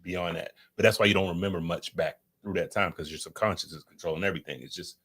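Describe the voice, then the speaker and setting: A man's voice: low voice, steady tone, fast, a bit bright, husky. Male podcast co-host, a dad, casual and preachy, swears freely. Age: adult with children. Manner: loose, preachy, profane, talks to viewers.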